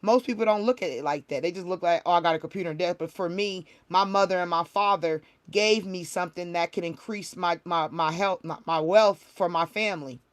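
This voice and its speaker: A woman's voice: lowish voice, fairly quick, hardly any pauses. Woman sharing a heartfelt spiritual testimony. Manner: emotional, repetitive, heartfelt storytelling with many restarts. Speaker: spiritual reader, livestream host. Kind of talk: casual livestream testimony.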